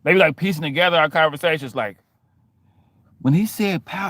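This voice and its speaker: Animated Louisiana man ranting. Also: on the high side, fairly quick, long pauses, a little hiss or hum. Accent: Southern US, Louisiana. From Baton Rouge, Louisiana. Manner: animated, slangy, repetitive, acts out scenes. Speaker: vlogger. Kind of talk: casual storytelling rant.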